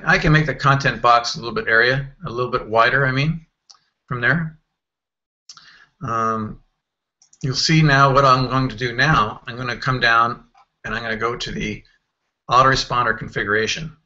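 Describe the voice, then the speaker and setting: A man walking through a software screen tutorial in a casual, think-aloud way, with fillers and self-corrections. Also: mid-range voice, muffled recording. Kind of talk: screen-recorded software walkthrough.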